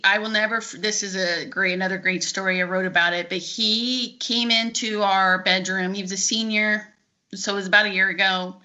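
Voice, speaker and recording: Candid, bright-voiced woman telling stories. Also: medium pitch. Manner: animated, acts out quoted dialogue with restarts. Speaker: guest, forensic accountant. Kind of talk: candid interview storytelling. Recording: muffled lo-fi audio.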